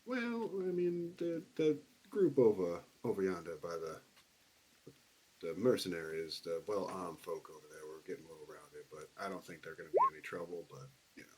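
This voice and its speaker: A man playing a tabletop game, talking in a hesitant, halting way. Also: deep voice, noisy background. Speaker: player. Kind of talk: casual tabletop play.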